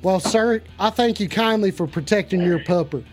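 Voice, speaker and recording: Male comic call-in host: brash, profane, high-pitched announcer energy. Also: normal speed, faint music behind. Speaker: host of a joke call-in show. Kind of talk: comic stream call-in bit.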